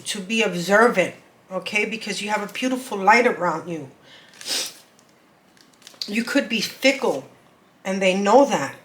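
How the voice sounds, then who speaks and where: A woman's voice: mid-range voice, fairly bright tone, low-quality recording. A woman giving an intuitive card reading to her viewers. She talks earnestly, repeats words and urges her listeners on. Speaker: spiritual card reader.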